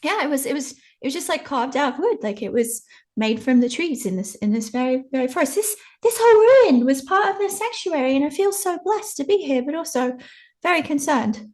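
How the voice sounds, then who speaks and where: High-voiced woman playing a priestess. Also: expressive, fairly quick, a little mellow. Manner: flustered, breathless in character. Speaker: player. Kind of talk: playing a tabletop game in character.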